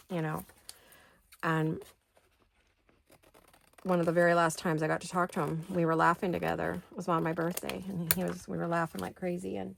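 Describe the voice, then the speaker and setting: A woman's voice: fairly low pitch, gravelly, slight background noise. A woman in her sixties hosting a craft video from her home studio, chatting in a rambling, think-aloud way. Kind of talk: casual chat while crafting.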